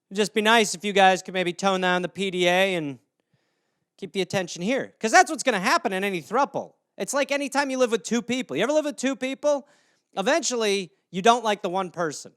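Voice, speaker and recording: A man's voice: high-pitched, a little fast, fairly bright tone, clear, resonant tone, dry recording, clean studio sound. A man in his thirties hosting a solo comedy podcast, ranting and acting out silly scenes with lots of swearing. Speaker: podcast host.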